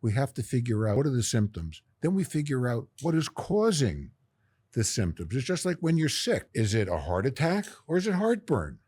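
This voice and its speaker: A man's voice: medium pitch, wildly swooping pitch, moderate pace, a little mellow, slightly rough. A man speaking as a business lawyer in a panel discussion, explaining points with everyday analogies.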